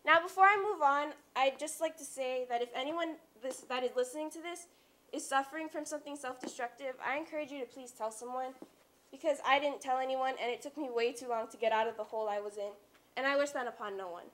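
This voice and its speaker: A teenage girl speaks from a stage in a high, bright voice. She is earnest and confiding, slipping in wry asides to the audience. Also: quick pace. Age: teens. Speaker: student speaker. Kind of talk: personal stage talk. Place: stage at a youth talk event.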